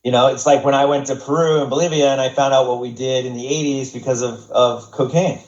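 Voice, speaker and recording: A man's voice: medium pitch, steady tone, fairly quick, a little mellow. An American man telling stories as a podcast guest in a casual, rambling way, swearing often and restarting his sentences. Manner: profane, rambling, many restarts. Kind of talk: casual storytelling. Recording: roomy, dull podcast audio.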